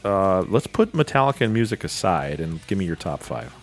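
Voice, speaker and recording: A man's voice: low voice, big pitch swings, a little fast, faint music behind. A man hosting a podcast in casual chat, bantering bluntly and teasing his co-host.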